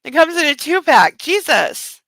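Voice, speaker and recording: High, bright-voiced giggly woman streamer. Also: sing-song, a little slow, no room sound, poor audio. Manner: giggly, exclaiming and reacting loudly. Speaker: streamer hosting a book club. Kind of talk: casual livestream chat, reading aloud.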